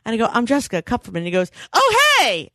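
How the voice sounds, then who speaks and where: A woman's voice: mid-range voice, very fast, no room sound, studio quality. Chatty, swearing woman podcast host. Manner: chatty storyteller, swears freely. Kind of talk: casual chat.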